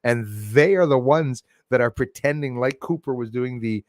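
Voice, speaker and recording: A man's voice: mid-range voice, normal speed, no echo. Blunt, profane man ranting on a live stream. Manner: blunt, profane, rambling, laughs at critics. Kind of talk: casual live-stream rant to chat. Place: outdoors in a forest.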